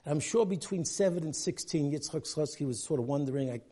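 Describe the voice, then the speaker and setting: Husky-voiced man preaching with stories. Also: fairly high pitch, fast talker. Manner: animated storyteller with Hebrew and Yiddish terms. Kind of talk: sermon with storytelling.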